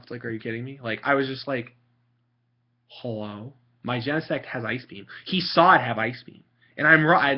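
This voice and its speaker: A man's voice: mid-range voice, muffled recording. A man vlogging in a casual, exasperated rant, sarcastic and swearing freely. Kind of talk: casual ranting monologue.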